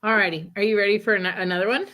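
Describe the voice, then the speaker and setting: A woman's voice: mid-range voice, steady tone, rapid-fire, bright, forceful tone. Chatty woman telling stories with laughs. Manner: chatty storyteller, laughs often. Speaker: podcast co-host. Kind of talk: casual chat.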